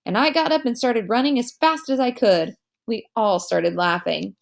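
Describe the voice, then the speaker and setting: A woman reading a children's novel aloud as narrator, telling it in a lively way and giving each character a voice. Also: a little high, moderate pace, creaky.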